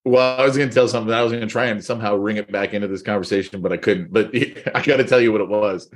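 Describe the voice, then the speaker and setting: A man's voice: fairly low pitch, quick pace. A middle-aged man co-hosting a podcast, casually telling stories with lots of laughter. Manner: laughing, animated storyteller. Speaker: podcast co-host. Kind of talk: casual chat, storytelling.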